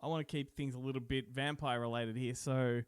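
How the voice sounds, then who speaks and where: A man's voice: medium pitch, steady tone, a little fast, clean tone, no echo. A man hosting a podcast, chatting casually about movies and laughing often. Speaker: podcast host.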